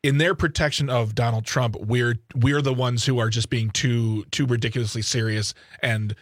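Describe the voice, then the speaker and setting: A man's voice: mid-range voice, fairly even intonation, normal speed, dry recording, studio quality. A man hosting a political radio interview, asking questions politely and calling his guest sir. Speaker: radio host.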